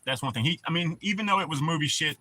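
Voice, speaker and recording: A man's voice: fairly high pitch, fast talker, pushed and bright. A man hosting a casual livestream, rambling in a laid-back way and swearing often. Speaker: livestream host.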